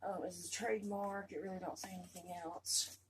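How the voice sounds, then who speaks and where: A woman unboxing a doll on her vlog, gushing with repeated exclamations and drifting into soft murmurs. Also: mid-range voice, flat delivery, fairly quick, a little hiss or hum, poor audio. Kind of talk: casual excited unboxing chat.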